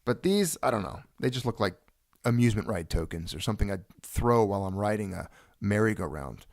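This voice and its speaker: A man hosting a casual video chat, talking straight to viewers in a jokey, animated way. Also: lowish voice, fairly quick. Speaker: host.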